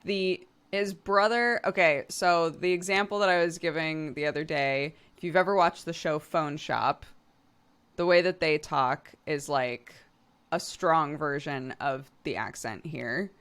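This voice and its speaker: Young woman streamer, low voice but bright and forceful, rambly chat with lots of laughing. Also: measured pace, clear, resonant tone. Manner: chatty, laughs a lot, many fillers. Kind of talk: casual chat.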